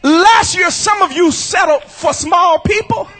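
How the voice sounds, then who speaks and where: A male pastor preaching a shouted sermon at a church service, using rhythmic repetition and calling out to the congregation. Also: very high voice, unhurried.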